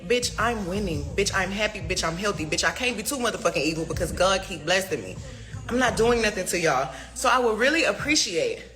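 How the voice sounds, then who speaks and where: A woman's voice: mid-range voice, animated, fairly quick, fairly bright tone, faint music behind. A woman on a heated social media rant, firing off profane rhetorical questions with laughing asides.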